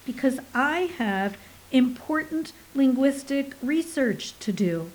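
A woman's voice: high voice, expressive, slow, pitched above the performer's own voice, poor audio. A woman voicing a pompous, desperate male alien scholar who speaks in stentorian, wailing tones. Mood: pleading.

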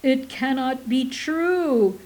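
A grandiose male alien scholar declaims in slow, stentorian tones and wails for his dying world, as a woman reader acts him out. His voice sits high and carries loudly, a pompous storybook figure. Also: animated, rough recording. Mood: wailing. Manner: booming, stentorian, wailing.

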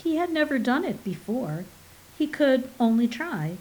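Woman narrator, audiobook, expressive, fairly high voice. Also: measured pace, poor audio. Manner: expressive, storytelling delivery.

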